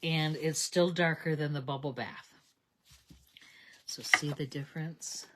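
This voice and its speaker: A woman's voice: low-pitched, fairly even intonation, measured pace, background noise. A woman hosting a live card-making stream, chatting as she talks herself through each step at her craft table. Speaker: crafting livestream host.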